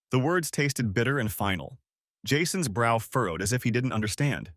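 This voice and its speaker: A middle-aged man reading a first-person story as an audiobook narrator, steady and earnest. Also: medium pitch, moderate pace, dry recording, clean studio sound.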